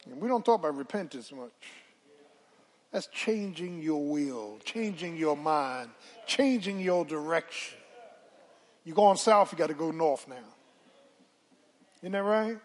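Older woman preaching, slow and lively. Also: deep voice. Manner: dramatic swings from hushed asides to shouted exclamations; folksy storytelling with call-and-response to the congregation. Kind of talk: sermon.

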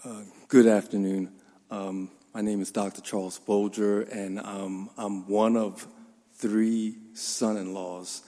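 A man, the son-in-law of the deceased, gives a formal funeral tribute in a church, measured and pausing with fillers. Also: on the low side, flat delivery, mellow. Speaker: son-in-law giving a eulogy. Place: large church sanctuary. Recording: long hall reverb.

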